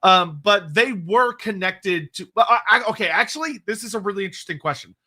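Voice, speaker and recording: A man's voice: high-pitched, animated, brisk, bright, forceful tone. A man co-hosting a casual livestream, answering chat questions at length with frequent restarts and laughs. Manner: rambling, restarts, laughs often.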